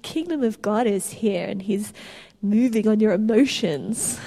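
A woman preaching a sermon, telling stories in an animated way with restarts. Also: fairly high pitch, moderate pace. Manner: animated storytelling with laughs and restarts.

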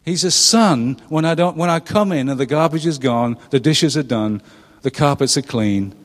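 A man's voice: fairly high pitch, normal speed, big-room sound. A middle-aged man preaching a conversational sermon, often turning questions to his listeners. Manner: chatty, asks the congregation questions, laughs at his own jokes. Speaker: pastor. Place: church.

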